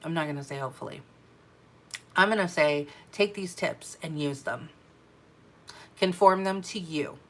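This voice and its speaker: A woman coaching her sales team in an energetic, emphatic talk, repeating her key phrases for effect. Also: sits low, moderate pace, long pauses. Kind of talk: motivational business talk to camera.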